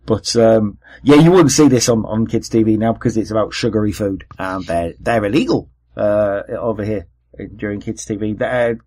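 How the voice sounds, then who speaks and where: A man's voice: on the low side, normal speed, darkish tone, poor audio. A man with a Welsh accent hosting a podcast, chatting casually with lots of fillers and asides. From Wales. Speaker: podcast host. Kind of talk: casual chat.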